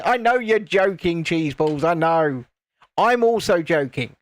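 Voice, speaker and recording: A man's voice: on the high side, lively intonation, unhurried, dry recording. A man co-hosting a live stream, chatting casually and teasing constantly. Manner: teasing wind-up merchant. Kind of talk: casual chat while building.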